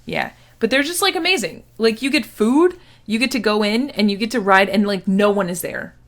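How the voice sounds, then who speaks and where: A woman's voice: mid-range voice, big pitch swings, moderate pace. A woman hosting a casual podcast chat, bubbly and full of filler words. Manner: bubbly, says "like" a lot. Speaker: podcast host.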